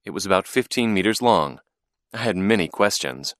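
A man narrating a first-person storybook in a clear, expressive reading. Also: deep voice, moderate pace, no room sound, studio quality.

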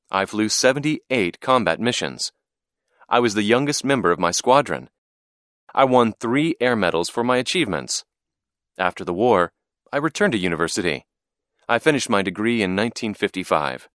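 A man narrating a first-person storybook in a clear, expressive reading. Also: fairly low pitch, no room sound, studio quality.

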